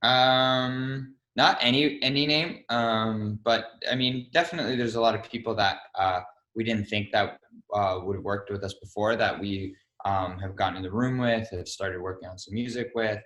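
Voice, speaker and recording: A man's voice: lowish voice, fairly even intonation, normal speed, fairly bright tone, echoey room, poor audio. A man speaking as an interview guest, hesitant and full of ums. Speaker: guest, music producer. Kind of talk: casual interview chat.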